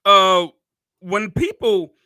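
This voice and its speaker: A man's voice: high-pitched, sharp tone, no echo, clean studio sound. A man hosting an interview show, talking casually with many restarts and building into a preacherly, repetitive rhythm. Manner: drawn-out, preacherly, repeats phrases for emphasis. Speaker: podcast host.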